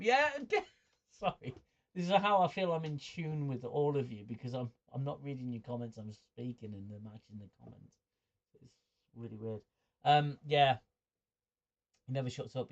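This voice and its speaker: A man's voice: medium pitch, creaky, dull audio. Stammering man chatting on a livestream. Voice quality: mid-range voice. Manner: stammering, repeats words while thinking; chuckles often, chatty. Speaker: host. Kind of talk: livestream chat reading viewer comments.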